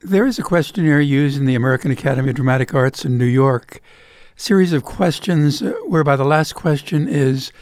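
A man interviewing a guest, asking questions and reflecting in a measured way. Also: on the high side, darkish tone, no room sound, clean studio sound.

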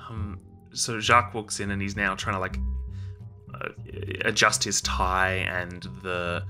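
A man narrating his character's actions in a tabletop role-playing game, pausing often with fillers. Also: low voice, steady tone, sharp tone, faint music behind. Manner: hesitant, with many fillers. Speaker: player.

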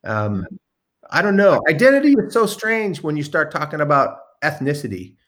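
A man with a somewhat high voice spins a casual anecdote, animated and self-mocking, with the odd swear. He keeps the story rolling in an easy, conversational way. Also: normal speed. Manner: animated, profane, self-deprecating raconteur. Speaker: guest storyteller.

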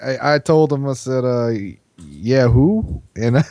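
A man's voice: mid-range voice, fairly even intonation, brisk, a little mellow, clean tone, no room sound. A man co-hosting a podcast in casual chat, with crude, sarcastic banter. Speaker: podcast co-host. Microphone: remote call.

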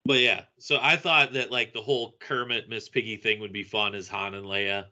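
A man's voice: on the low side, steady tone, normal speed, bright, forceful tone. A man in casual podcast chat, rambling a little, laughing often and searching for names as he talks.

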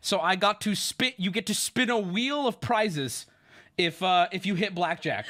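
A man streaming, telling an animated story to his chat and friends, shouting at the high points and dropping low to mimic others. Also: moderate pace. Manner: excitable, shouts at the big moments, drops into gruff voices for others.

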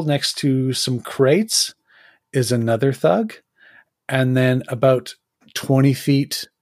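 Male game master, measured scene-setting narration, dry close sound. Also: mid-range voice, a little mellow, dry recording. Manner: describes scenes in slow, measured detail.

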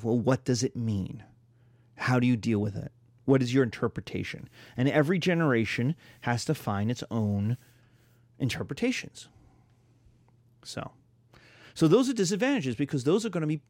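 A man teaching a history class in a lecture style, telling lively stories and acting out little scenes. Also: medium pitch, no room sound. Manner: animated storytelling, acts out quarrels in voices.

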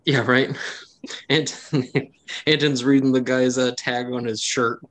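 A man acting as game master narrates a tabletop game scene at an ordinary mid pitch. He is chatty, full of fillers, and laughs often. His tone is level and fairly bright, and he speaks a little slowly.

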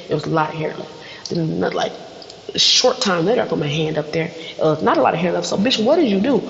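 A woman hosting a solo podcast, telling a story in an animated, profane, rambling way. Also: low-pitched, vocal fry, echoey room, big-room sound, dull audio, a little hiss or hum. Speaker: podcast host. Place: studio.

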